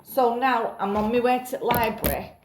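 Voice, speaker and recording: A woman's voice: on the high side, moderate pace, roomy sound, background noise. A tired woman rambling in a casual vlog, self-mocking and swearing casually. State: tired after a night up. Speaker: vlogger.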